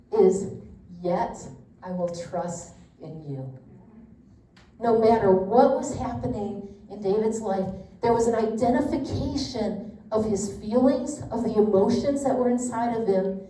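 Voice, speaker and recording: Middle-aged woman leading a bible study, chatty and candid, kinda high mellow voice, mic sits back in a roomy hall. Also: a little slow. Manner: chatty and candid, full of "like" and asides. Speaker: women's Bible study leader. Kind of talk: casual teaching talk. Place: church meeting room. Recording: roomy echo, distant mic.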